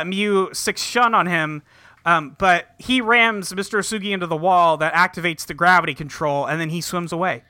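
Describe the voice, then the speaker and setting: A man's voice: fairly high pitch, sharp tone, smooth, no room sound. A man casually recapping an episode with a co-host, rambling with many ums and acting out the characters' lines. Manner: rambling retelling with many ums and quoted dialogue. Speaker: podcast co-host.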